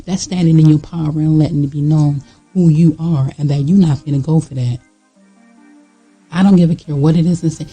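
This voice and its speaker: A vlogger with a medium-pitched, mellow, slightly rough voice talks briskly and with fairly even intonation, giving a candid, blunt motivational talk straight to the viewer. His slangy, casual speech is full of fillers and repeats, emphatic and preachy. Faint music plays behind, and the audio is poor.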